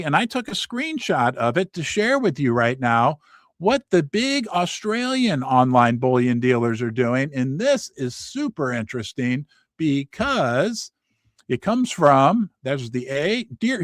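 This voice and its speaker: A middle-aged man from the United States talks through market news from his basement in a casual, joking way. His voice sits high and swings widely in pitch, with many restarts and asides. The sound is dry, with little room echo. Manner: animated, jokey, rambling with restarts and asides. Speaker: host.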